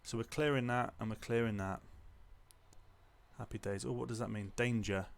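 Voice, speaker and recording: A man gives chatty, joking commentary while he plays a management game and reacts out loud. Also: medium pitch, fairly even intonation, normal speed, vocal fry. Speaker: gamer playing a management game. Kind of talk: casual let's-play commentary.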